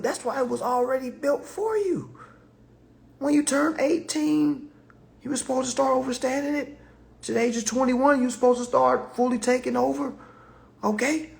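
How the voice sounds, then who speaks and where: A man's voice: very high voice, lively intonation, normal speed, gravelly, darkish tone. A man teaching an online class in a casual, streetwise way, firing off profane rhetorical questions and laughing between points.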